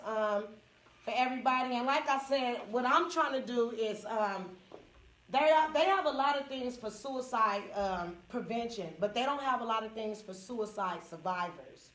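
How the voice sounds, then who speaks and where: High, bright-voiced woman telling a raw story. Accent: Northern California. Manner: frank, laughs often, acts out quotes. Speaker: comedian and support group speaker. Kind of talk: storytelling talk to a small group. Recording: echoey room, distant from the mic.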